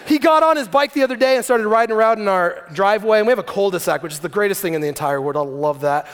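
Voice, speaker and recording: A male pastor in his thirties delivers a sermon with an animated, joking storyteller's manner. His voice sits high for a man. A long reverb trails every phrase, as if he is speaking in a large hall before a congregation. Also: fast, clear, resonant tone.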